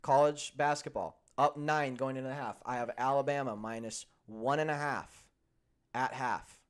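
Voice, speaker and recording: Animated, profane young male show host. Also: mid-range voice, moderate pace, clear, resonant tone. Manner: animated, profane storytelling that swings from heated to grumbling. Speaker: sports betting show host. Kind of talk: casual chat.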